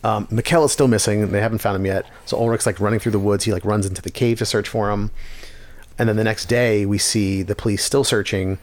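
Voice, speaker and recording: A man's voice: lowish voice, steady tone, a little fast. A man co-hosting a podcast, recapping a TV episode in a laid-back way with many fillers. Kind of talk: casual chat.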